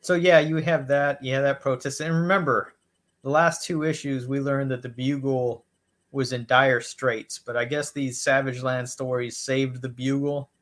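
A man's voice: medium pitch, flat delivery, moderate pace, fairly bright tone. A man co-hosting a casual podcast, recapping a comic issue in an easygoing, rambling way. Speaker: podcast co-host. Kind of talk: casual chat.

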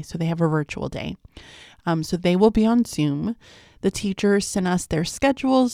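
A woman's voice: lowish voice, warm tone, no echo, clean studio sound. A woman in her thirties hosting a podcast, chatting casually about her day, laughing often and calling her listeners "guys.". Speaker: podcast host. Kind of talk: casual video-diary chat.

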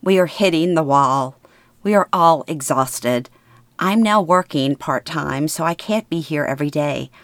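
A middle-aged woman narrating a first-person memoir in a plain, steady storytelling manner. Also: low-pitched, measured pace, no room sound.

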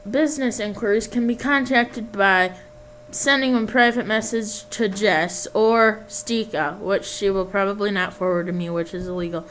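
A woman's voice: medium pitch, moderate pace, a bit bright, a little hiss or hum, rough recording. A woman hosting a homemade radio show in a rambling, self-deprecating, jokey way.

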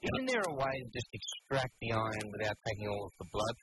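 Fast-talking joking Australian man. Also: fairly low pitch, heavy background noise. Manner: quick, joking banter. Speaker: radio co-host. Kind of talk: casual radio chat. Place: radio studio.

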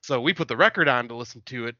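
Chill guy on a podcast call, swears a lot, bright voice, kinda muffled audio. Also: medium pitch, animated, rapid-fire, dry recording. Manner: laid-back, swearing, laughing storyteller. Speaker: podcast guest. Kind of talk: casual podcast chat.

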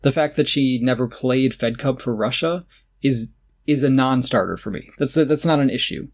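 A man talking casually as a podcast co-host, with a voice of ordinary middle pitch. He is opinionated and sarcastic, and he laughs often as he makes his points. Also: normal speed. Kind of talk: casual chat about tennis.

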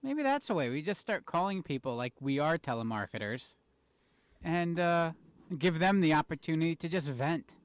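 A man's voice: fairly high pitch, big pitch swings, normal speed, clear, resonant tone, dry recording. A man co-hosting a casual podcast, laid-back and wry, stumbling over his words. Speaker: podcast co-host. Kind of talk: casual chat.

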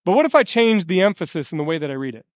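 High-voiced male pastor preaching. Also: very animated, racing, no echo, studio quality. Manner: conversational preaching with anecdotes and audience questions. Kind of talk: sermon.

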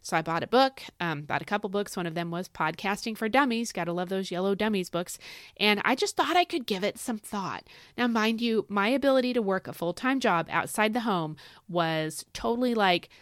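A woman's voice: mid-range voice, lively intonation, normal speed, dry recording, studio quality. A middle-aged woman hosting a faith podcast, chatting casually and rambling with frequent restarts. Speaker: podcast host. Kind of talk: casual devotional podcast talk. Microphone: podcast microphone.

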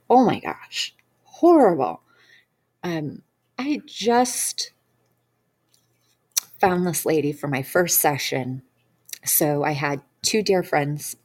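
A woman practitioner telling a personal story in an earnest, rambling way with many fillers. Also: low-pitched. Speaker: hypnosis practitioner.

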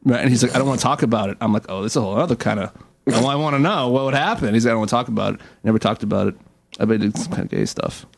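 A man's voice: medium pitch, rapid-fire, gravelly. A young man co-hosting a casual comedy radio show, with a mid-range voice. He rambles through stories and stacks fillers as he talks. He keeps it loose and conversational. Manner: rambling storyteller, many "like" fillers. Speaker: co-host.

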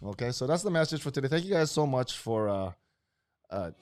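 A man from Hawaii hosts a loose, profane chat. He speaks at an ordinary middle pitch and breaks into loud, animated bursts. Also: brisk, faint music behind. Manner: brash, swearing, animated bursts. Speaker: host.

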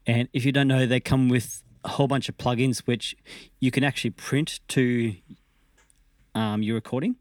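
A man's voice: mid-range voice, steady tone, normal speed, no room sound. Easygoing man, dry close sound. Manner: easygoing, laughs along. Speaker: podcast co-host. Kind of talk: casual chat.

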